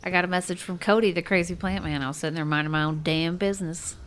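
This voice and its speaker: A woman's voice: on the low side, steady tone, fast, clear, resonant tone. A woman co-hosting a casual chat, laughing often and teasing her partner. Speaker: co-host.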